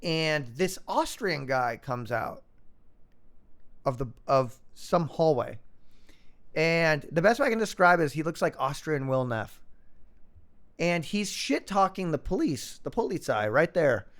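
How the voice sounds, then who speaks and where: A man in his thirties, a podcast guest, telling a long story in a casual, animated way with lots of fillers. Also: a little high, unhurried. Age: 30s. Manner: animated anecdote, fillers and acted-out quotes.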